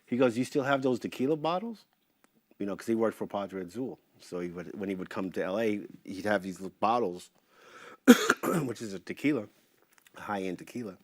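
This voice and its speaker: Animated middle-aged man telling stories. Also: fairly low pitch, brisk, no echo. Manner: animated, swears freely, acts out quotes. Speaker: interview guest. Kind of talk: casual storytelling.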